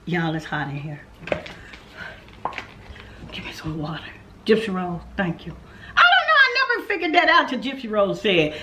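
A woman's voice: mid-range voice, very animated, moderate pace, pauses often, heavy background noise. A Southern American woman giving a chatty home-tour vlog, talking straight to her viewers with frequent laughs, filmed on a handheld camera inside a show home. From Mississippi, USA. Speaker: vlogger. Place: indoors in show manufactured homes. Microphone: handheld phone camera, later a small tripod.

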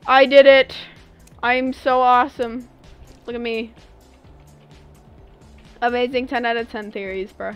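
In a fairly high, smooth voice with a level tone, a young woman chats playfully with viewers during her live game stream. She speaks a little slowly with long pauses, soft background music behind her.

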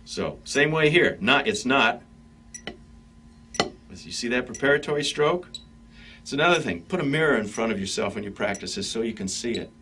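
A man teaching drum stick technique, talking in an easy, conversational way straight to his students. His voice sits at an ordinary pitch for a man. Clear noise and the clicking of sticks on a practice pad run behind him. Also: normal speed, pauses often. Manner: relaxed, conversational, addresses students directly. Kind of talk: instructional demonstration.

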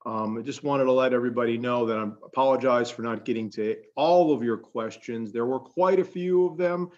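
A man's voice: medium pitch, a little fast, a little mellow, lo-fi sound. A man hosting, giving hesitant closing remarks with fillers. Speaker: host.

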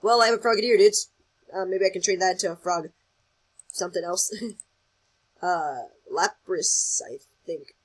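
An excitable host rambles through casual gameplay commentary, thinking out loud and reacting as things happen in the game. The voice sits at a middling pitch with a husky, breathy edge. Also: normal speed, pauses often, low-quality recording. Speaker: gaming channel host.

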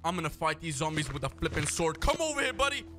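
Young male gaming YouTuber, high-pitched, excitable let's-play commentary, loud backing music. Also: fast. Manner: hyped, excitable, shouts when surprised.

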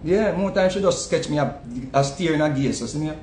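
Animated Jamaican man in an echoey room. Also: fairly quick. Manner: animated, repeats words, swings between loud and low. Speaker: online commentator. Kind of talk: casual commentary monologue. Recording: echoey room with faint rumble.

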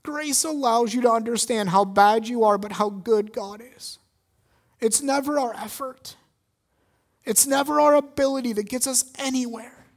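A man's voice: very high-pitched, normal speed. Emphatic male pastor preaching. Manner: emphatic, swings from loud stress to quiet intensity. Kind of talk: sermon.

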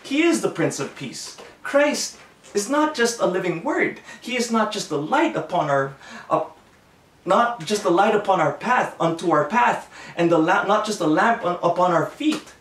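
A man's voice: sits high, animated, moderate pace, a bit bright, far from the mic, a little hiss or hum. A man preaching a sermon in an earnest way, often restarting his phrases, recorded at home. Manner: earnest, self-correcting preaching with many restarts. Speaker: pastor. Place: home room. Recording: echoey room, voice a bit off-mic.

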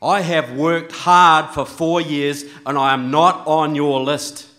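A man speaking at a conference, delivering a speech with sarcastic mock-indignation and deadpan complaint. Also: fairly high pitch, slow pace.

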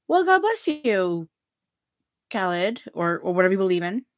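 A woman's voice: mid-range voice, big pitch swings, normal speed, no room sound, studio quality. A middle-aged woman hosting a free tarot reading livestream, chatting casually, giggling often and reading viewer comments aloud.

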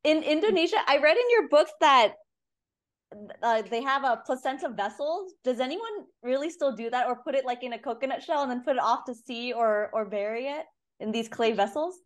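High-voiced woman hosting an interview. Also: animated, a little fast. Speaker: podcast host. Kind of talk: interview questions.

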